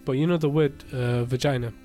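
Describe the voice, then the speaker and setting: A man's voice: medium pitch, fairly even intonation, brisk, dark tone, faint music behind. A young man, chatting casually as a podcast co-host, peppering lines with tags and frequent laughter. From United Kingdom. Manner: slangy, laughs often, tags lines with innit. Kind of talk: casual chat.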